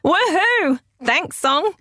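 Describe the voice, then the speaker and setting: A woman's voice: mid-range voice, lively intonation, normal speed, vocal fry, dry recording, studio quality. A woman voicing an eager, confident young girl training as a spy, exclaiming and arguing her case. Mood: jubilant.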